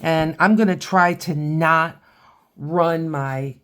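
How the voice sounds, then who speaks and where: Low-pitched lady doing an art tutorial, slow and chatty, kinda thinking out loud. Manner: chatty, thinking aloud while painting. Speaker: art teacher. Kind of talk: watercolor tutorial.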